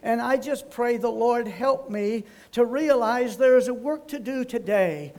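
A man's voice: very high voice, a little slow, darkish tone. An older man preaching a sermon, telling folksy stories and exhorting emphatically. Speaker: pastor.

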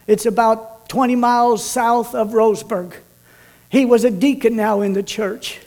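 A man preacher telling a story in a sermon, swinging from loud, urgent bursts to hushed, slow passages. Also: very high-pitched, fairly even intonation.

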